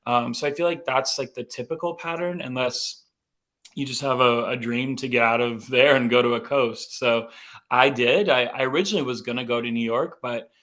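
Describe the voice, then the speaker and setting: A man's voice: mid-range voice, moderate pace, fairly bright tone. Chatty man from North Dakota. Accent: light North Dakota. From North Dakota, USA. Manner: chatty, upbeat storyteller, frequent "like" and "um". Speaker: podcast guest. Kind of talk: casual interview chat.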